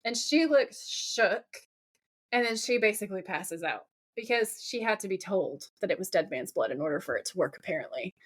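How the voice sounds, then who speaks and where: A woman's voice: mid-range voice, lively intonation, moderate pace, husky. A woman in her forties co-hosting a podcast, enthusiastically recapping a TV episode in casual chat and swearing now and then. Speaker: podcast co-host.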